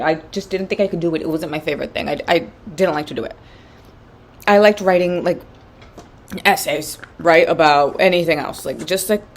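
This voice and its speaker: Twenties woman vlogger, lower-pitched, rambling animated storyteller. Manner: chatty, animated storytelling with lots of fillers. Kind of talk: casual storytime while doing makeup.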